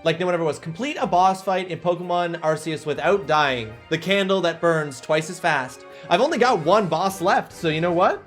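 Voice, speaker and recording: A man's voice: fairly high pitch, moderate pace, few pauses, fairly bright tone, faint music behind. A man streaming a video game live, chatting upbeat with viewers and thanking them energetically. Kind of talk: casual live stream chat.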